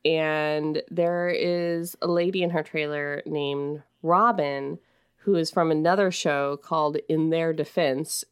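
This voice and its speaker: Young woman co-host, low-pitched, lively casual podcast chat. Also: smooth. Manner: animated, jumps high in pitch when joking. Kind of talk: casual chat recapping a book.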